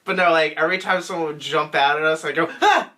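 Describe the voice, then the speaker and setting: A young man chatting on a podcast, a bit higher than most men, with a bright, forward tone. He tells his stories casually and laughs along with them. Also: fairly even intonation, fast. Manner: laughs while telling stories. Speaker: podcast co-host. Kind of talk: casual chat.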